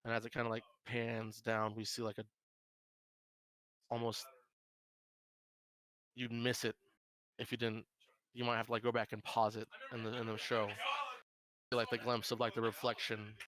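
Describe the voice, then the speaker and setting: A man's voice: mid-range voice, monotone, normal speed, pauses often, fairly bright tone, no echo, low-quality recording. A man narrating a tabletop game as game master, rambling with many fillers.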